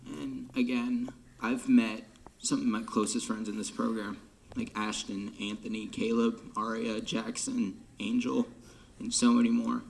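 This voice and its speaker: A teenage drum major speaks in a mid-range, gravelly voice. He fights back tears, sighs, and slips into a whisper as he thanks his band. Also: mid-range voice, level tone, unhurried, hardly any pauses. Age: late teens. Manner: choked up, often dropping to a whisper, sighing. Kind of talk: emotional farewell speech. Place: band room.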